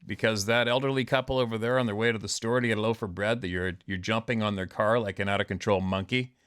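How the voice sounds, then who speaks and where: A man's voice: lowish voice, fairly even intonation, fast, fairly bright tone, smooth. Profane, scornful ranting man. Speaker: host. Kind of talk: angry monologue rant.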